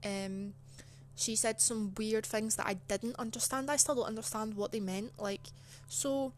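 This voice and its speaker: A young woman telling a story straight to camera in a chatty, aggrieved way, her sentences loaded with fillers. Her voice sits a little high for a woman. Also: fairly even intonation, a little slow, slight background noise. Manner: chatty and indignant, full of "like" fillers. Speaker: channel host. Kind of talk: casual storytime.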